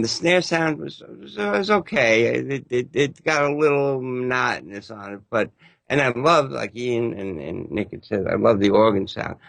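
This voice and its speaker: A man's voice: mid-range voice, creaky, fairly bright tone, dry recording. An older man giving a blunt, joking critique as a regular panelist on a music review show. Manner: blunt, joking, rambling restarts.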